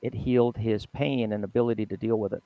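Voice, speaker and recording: A man's voice: lowish voice, quick pace, dry recording, phone-quality sound. An older man, a retired athletic trainer, telling stories as an interview guest and often laughing. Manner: animated storyteller, laughs often, mimics others. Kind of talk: casual storytelling interview.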